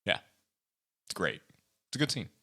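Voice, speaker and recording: A man's voice: normal speed, pushed and bright. A young man co-hosting a podcast, rambling casually with lots of restarts and laughter. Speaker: podcast co-host. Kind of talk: casual chat.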